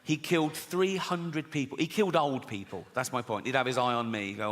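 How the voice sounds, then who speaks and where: In a mid-range, slightly bright voice, a middle-aged stand-up comedian rants a little fast with few pauses and lively intonation, all profanity and mock outrage. The set is live on a theater stage before an audience, with long hall reverb and background noise.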